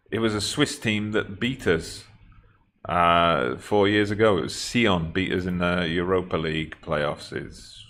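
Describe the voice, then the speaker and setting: A man's voice: deep voice, fairly bright tone. A man casually commenting on his football management game as he plays, chatting to himself and to his team. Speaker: video game streamer.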